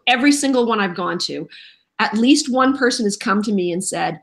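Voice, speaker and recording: A middle-aged woman, a voice actress, telling stories in a lively, self-deprecating way during a casual interview. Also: a little high, normal speed. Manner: animated, self-deprecating storyteller. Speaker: voice actress guest.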